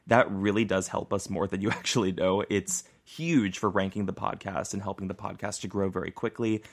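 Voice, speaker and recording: A young man with a fairly low voice co-hosts a podcast in easy casual chat. He laughs often and livens his talk with animated asides. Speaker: podcast co-host.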